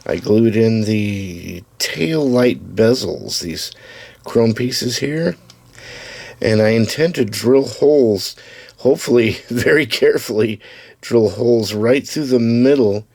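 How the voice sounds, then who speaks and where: A man casually talking to camera as he shows the parts of a model car he is building, easygoing and unhurried, with the odd restart. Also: mid-range voice, gravelly, a little mellow, dry recording. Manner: easygoing, talks to camera while showing parts, with small restarts. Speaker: hobbyist building custom slot cars. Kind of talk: casual build-update video.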